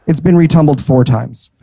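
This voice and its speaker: A man co-hosting a comedy podcast, riffing fast jokes and laughing a lot. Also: fairly high pitch, vocal fry, dark tone, breathy edge. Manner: quick joking riffs, laughs a lot. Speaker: podcast co-host. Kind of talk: comedic banter.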